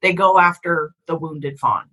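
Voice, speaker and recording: A woman's voice: sits low, a little slow, pushed and bright, poor audio. A middle-aged woman hosting a podcast, talking frankly and emphatically in a candid conversation, swearing casually. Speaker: podcast host.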